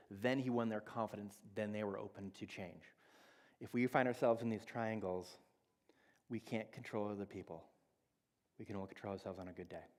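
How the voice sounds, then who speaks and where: A man in his thirties giving a conversational sermon, teaching with everyday examples and acting out bits of dialogue. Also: fairly low pitch. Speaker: church speaker. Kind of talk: sermon on relationships. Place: church sanctuary. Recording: long reverb of a church hall.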